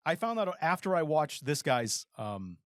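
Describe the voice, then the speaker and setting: A man's voice: fairly high pitch, big pitch swings, moderate pace, a bit bright, dry recording, studio quality. A man in his forties co-hosting a podcast in casual chat, earnest and easily moved. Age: 40s. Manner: earnest, easily moved, acts out quoted voices. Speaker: podcast co-host.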